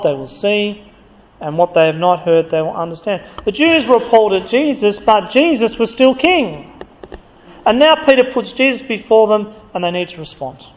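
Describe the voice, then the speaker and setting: High-voiced preacher, man, in a reverberant hall. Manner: emphatic, rising to forceful accusation when reading scripture. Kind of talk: sermon.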